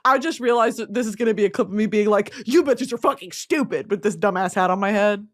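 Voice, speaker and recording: A woman hosting a casual chat show, talking in an animated, profane way and laughing often. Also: medium pitch, fast. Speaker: podcast host.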